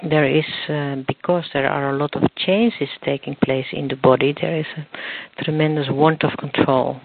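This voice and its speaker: Halting man on a tinny phone line. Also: a little high, steady tone, gravelly. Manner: halting, searching for words, many restarts. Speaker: guest expert. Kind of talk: phone interview explanation.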